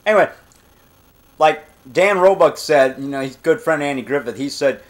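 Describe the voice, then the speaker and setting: A middle-aged man talks in a loose, rambling way, doubling back and repeating words as he goes. His voice sits a bit higher than most men's. He sounds pleased with himself. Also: brisk. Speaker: vlogger. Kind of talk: rambling casual monologue.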